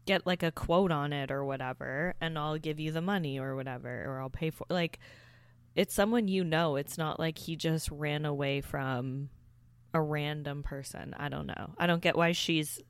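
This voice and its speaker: A woman's voice: sits low, normal speed, clean tone, no echo. A woman co-hosting a casual podcast recap, laid-back and agreeable, often laughing. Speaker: podcast co-host.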